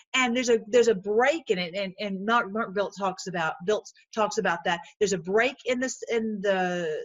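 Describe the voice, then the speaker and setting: An earnest woman giving informal Bible teaching and prayer, animated, laughing often and repeating words as she goes. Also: medium pitch, no room sound.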